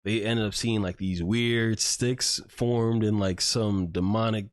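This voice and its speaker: A man's voice: on the low side, fairly even intonation, takes it slowly, no echo. A man hosting a podcast, recounting a story in a rambling, casual way with lots of filler words and swearing. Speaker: podcast host. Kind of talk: casual chat.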